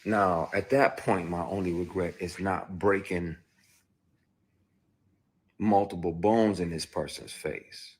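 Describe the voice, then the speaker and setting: A man's voice: deep voice, steady tone, takes it slowly, pauses often, husky. A man in an interview, telling his story in an emphatic, profane way. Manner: emphatic, profane, recounting with acted outbursts.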